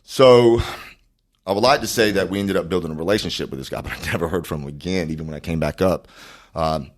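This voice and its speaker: A man's voice: low-pitched, quick pace. A man from Florida, telling a long story in casual, profane, rambling podcast chat. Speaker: podcast guest.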